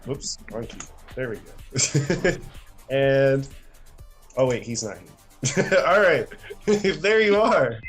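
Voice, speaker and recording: A man running a tabletop game as game master, narrating in a halting way with many fillers and chuckles. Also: mid-range voice, expressive, fairly bright tone, faint music behind.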